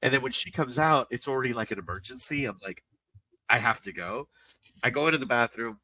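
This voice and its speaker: A man on a podcast, telling a crude story in a loose, animated way. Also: medium pitch, quick pace, no room sound, recorded from a distance, rough recording. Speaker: podcast co-host. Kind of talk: casual storytelling.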